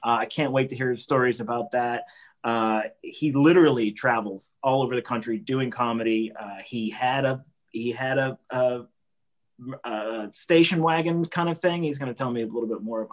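A man's voice: mid-range voice, normal speed. A man co-hosting a comedy podcast, joking around in casual chat, often restarting his sentences. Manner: joking, playful, with frequent restarts. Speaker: podcast co-host.

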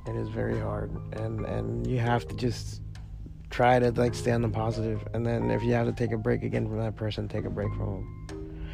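A man's voice: fairly low pitch, flat delivery, normal speed, creaky, over music. A man hosting a solo podcast, talking casually in a rambling, profane way full of restarts. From part Cuban family. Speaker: podcast host.

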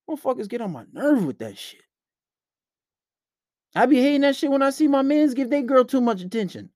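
A man's voice: extremely high pitch, sing-song, quick pace, darkish tone, no room sound, studio quality. A man hosting a podcast, giving blunt, profane dating advice in a preachy, casual rant. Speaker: podcast host.

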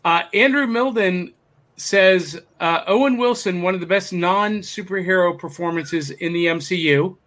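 High, bright-voiced male podcast host. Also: normal speed. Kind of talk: casual podcast chat, reading listener comments. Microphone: video call.

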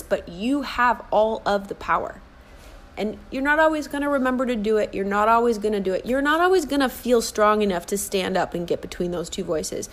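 A woman's voice: mid-range voice, fairly bright tone. A woman in her forties, a life and fitness coach, giving an earnest motivational podcast monologue and repeating key phrases for emphasis. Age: 40s.

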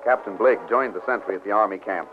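A man's voice: fairly low pitch, fast talker. A man narrating an old radio western in a stirring, declamatory way. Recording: tinny old radio with music.

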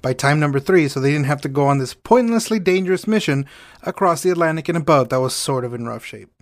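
A man's voice: on the high side, lively intonation, fast talker. A man co-hosting a comedy history podcast, trading irreverent jokes and reading narration. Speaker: podcast co-host. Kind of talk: comedic banter and scripted narration.

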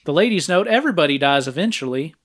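A man co-hosts a podcast, summarizing a film's plot scene by scene in an easygoing way. His voice sits a little high for a man, and he keeps stopping for filler sounds as he goes. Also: lively intonation, quick pace. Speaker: podcast co-host. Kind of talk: casual film recap.

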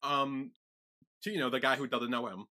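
A man's voice: mid-range voice, steady tone, normal speed, bright, forceful tone. A man co-hosting a podcast recap in casual chat, retelling scenes and quoting characters. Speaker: podcast co-host.

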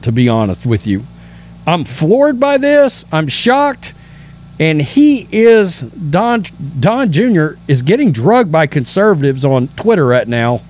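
A man's voice: fairly high pitch, darkish tone. A man hosting a political commentary show, reading news aloud and reacting with emphatic indignation and stammered restarts.

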